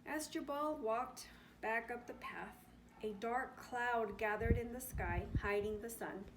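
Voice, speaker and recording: A woman reading a children's picture book aloud in an expressive storytelling voice. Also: on the high side, measured pace, slight background noise. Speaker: storybook reader.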